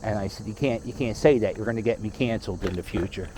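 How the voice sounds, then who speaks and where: This one is fast: a man with a lowish voice keeps up a casual, rambling commentary from a scooter moving through a park. Wry quips and storytelling asides fill it, against a noisy background.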